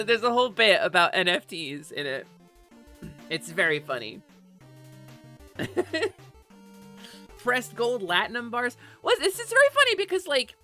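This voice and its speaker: A woman's voice: medium pitch, sharp tone. A woman streamer chatting casually and animatedly on a live stream, swearing offhand and laughing often. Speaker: Twitch streamer.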